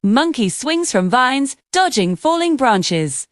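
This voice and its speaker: A woman narrating a children's cartoon story with expressive, storytelling delivery. Her voice sits a little high and moves lively up and down. The sound is dry and close. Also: a little slow, no echo.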